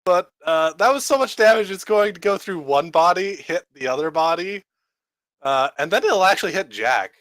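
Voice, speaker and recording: A man's voice: high voice, animated, normal speed, fairly bright tone, no room sound. Guy GMing a tabletop game, voice jumps around a lot, dry close mic. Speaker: game master. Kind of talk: running a tabletop game over voice chat.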